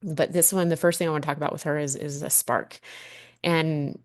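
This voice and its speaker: A woman's voice: low voice, steady tone, fairly quick, no echo, studio quality. A woman in her thirties hosting a personal podcast monologue, candid and heartfelt, swearing freely as she reflects. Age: 30s. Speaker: podcast host.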